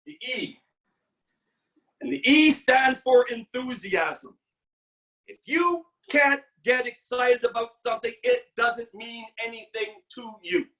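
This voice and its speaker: A woman in her sixties giving a blunt, energetic motivational sales training talk on a video call. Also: fairly high pitch, distant mic.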